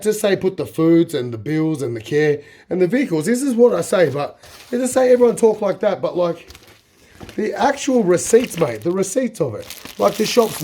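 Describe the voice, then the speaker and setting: Rambling Australian man, slightly husky. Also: a little high, warm tone. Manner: rambling, fills with "say" and "like". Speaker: vlogger. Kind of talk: casual talk to camera.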